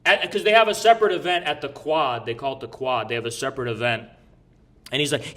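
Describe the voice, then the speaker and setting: Man, casual storytelling, brash, profane, rambling, bright forceful tone. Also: on the high side, fairly even intonation, quick pace. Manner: rambling with restarts. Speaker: podcast guest recounting an event.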